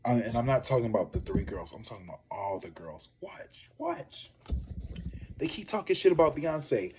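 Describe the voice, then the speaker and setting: Profane, animated male gossip streamer. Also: medium pitch, fast, muffled recording, background noise. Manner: profane, animated, talks straight to viewers. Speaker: psychic tarot reader and gossip host. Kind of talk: casual celebrity gossip livestream.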